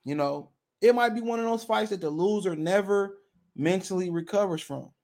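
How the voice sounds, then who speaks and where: Gravelly, high-pitched blunt fight-talk man. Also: normal speed, darkish tone. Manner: blunt, emphatic, repeats phrases, slangy. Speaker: boxing commentator. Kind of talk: casual boxing opinion rant.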